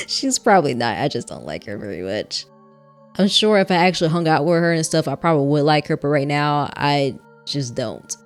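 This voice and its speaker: Woman host, low voice, reading a game story softly; quiet music under. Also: very animated, fairly quick. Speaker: let's play host. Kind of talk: reading a visual novel aloud with casual asides.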